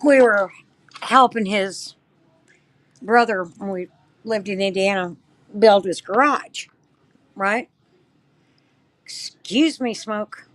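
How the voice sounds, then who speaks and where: A woman's voice: medium pitch, slow pace, long pauses, a bit bright. A woman in a casual chat, chiming in with short agreements and laughs, then starting her own story.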